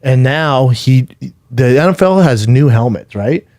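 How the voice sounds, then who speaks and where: A man's voice: mid-range voice, lively intonation, unhurried, darkish tone, no echo. A man co-hosting a talk podcast, with a middling voice heard close and dry. He tells his stories with animation, acting out quotes and swearing freely. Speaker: podcast co-host. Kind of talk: casual chat.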